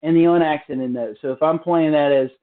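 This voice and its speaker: A man's voice: a little high, fairly quick. Man teaching drums over a tinny line. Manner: relaxed, explanatory, with many fillers and restarts. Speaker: drum teacher. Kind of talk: casual spoken drum lesson. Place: hotel room. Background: drum practice pad.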